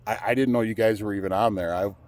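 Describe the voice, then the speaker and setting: A man's voice: on the low side, fast talker, a little mellow. A man, a truck driver, chatting casually to his viewers in a rambling way, full of fillers and restarts.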